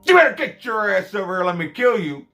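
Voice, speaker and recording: A man voicing an unhinged male killer who yells high-pitched threats at passersby. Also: sing-song, fast talker, soft background music, heavily acted. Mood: menacing taunting.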